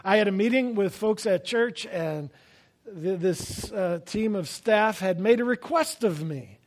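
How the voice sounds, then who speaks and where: A man preaching a sermon, telling stories with self-deprecating humor and swinging between loud emphasis and quiet asides. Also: high-pitched, unhurried. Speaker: pastor.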